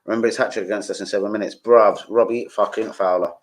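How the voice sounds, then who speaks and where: A man's voice: fairly low pitch, fairly even intonation, fast talker. A man chatting casually on a football fan vlog, rambling and full of slang and swearing. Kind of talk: casual livestream chat.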